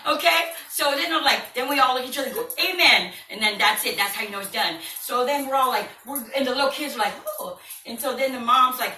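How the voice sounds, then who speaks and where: Woman comic, bright slightly high voice, animated storyteller, roomy distant sound. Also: fast talker, few pauses. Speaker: stand-up comedian. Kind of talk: stand-up comedy routine.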